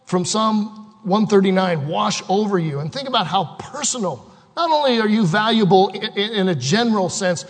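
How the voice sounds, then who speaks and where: A man preaching a sermon with passion, rising to loud bursts and dropping to slow, quiet scripture reading. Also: high voice, husky. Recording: long hall reverb.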